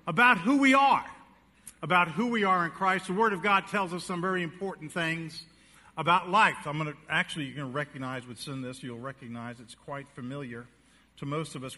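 In a church sanctuary, a male pastor preaches to his congregation, starting with folksy joke-telling and moving into emphatic preaching where he asks the audience questions. His voice is on the high side with a sharp tone, and the recording has a big-room sound.

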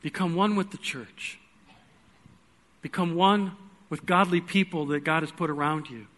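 A man preaching a sermon in a church, telling a personal story earnestly, swinging between loud pleading and hushed, quiet moments. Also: a little high, measured pace.

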